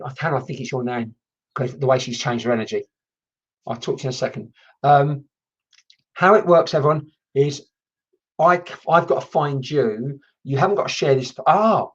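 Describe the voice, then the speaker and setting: A woman's voice: very deep voice, husky, highs cut off. A woman working as a medium, giving a chatty live-streamed reading and swearing casually as she talks. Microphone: computer mic on a video stream.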